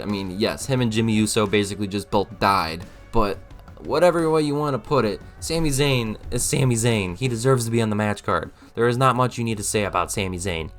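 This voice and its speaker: A man's voice: fairly low pitch, fairly bright tone. A young man giving a casual, emphatic opinion monologue as a vlogger, rambling with frequent restarts. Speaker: wrestling commentary vlogger.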